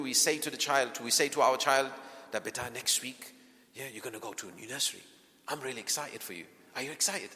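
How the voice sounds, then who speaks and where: A man giving a parenting workshop in a mosque hall, often asking his audience rhetorical questions. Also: mid-range voice. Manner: softens into gentle acted lines to a child. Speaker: workshop speaker. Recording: long hall reverb.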